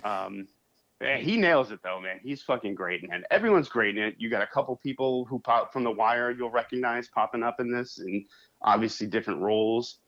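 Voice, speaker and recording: A man's voice: mid-range voice, a little fast, fairly bright tone. A man co-hosting a podcast in casual chat, talking loosely, laughing and swearing as he goes. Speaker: podcast co-host. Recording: muffled lo-fi sound.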